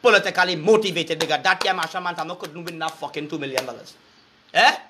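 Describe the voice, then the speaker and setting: A man's voice: fairly high pitch, fast talker, bright, forceful tone, slight background noise. A man with a Trinidadian accent giving a crude, preachy rant, breaking into sing-song chants. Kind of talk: profane rant to camera.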